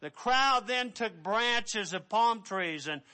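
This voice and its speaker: High, lively-pitched man preaching. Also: slow pace. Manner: animated storytelling with acted-out voices. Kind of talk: sermon.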